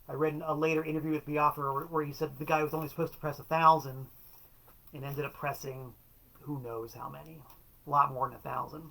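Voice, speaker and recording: A man's voice: on the high side, vocal fry, fairly bright tone. A middle-aged man hosting a casual solo show, telling stories in an enthusiastic, wry way with playful quotes. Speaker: show host and record collector.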